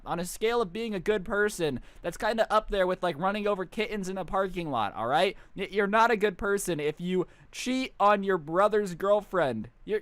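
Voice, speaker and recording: A young man tells a long story to his stream, rambling and joking, sometimes jumping into little voices for his friends. His voice is a bit high for a man and swings up and down a lot. It sits close and dry on the mic. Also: dry recording. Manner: rambling, jokey, slips into mock voices for friends. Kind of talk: casual storytelling.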